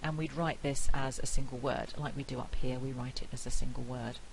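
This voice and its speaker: A woman giving a recorded phonetics lecture, explaining carefully and repeating example words slowly. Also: a bass voice, fairly even intonation, creaky, slight background noise, low-quality recording.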